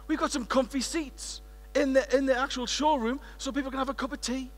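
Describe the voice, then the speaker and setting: A man's voice: very high-pitched, steady tone, a little fast. A British man voicing a proud middle-aged woman who owns a boutique shop and eagerly lists what it offers. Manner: eager, proud, listing details. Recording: echoey large hall.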